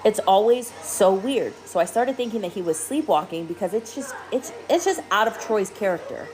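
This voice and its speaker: A woman, a mother, telling a story to camera in an animated, incredulous way, jumping high on exclamations. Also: normal speed.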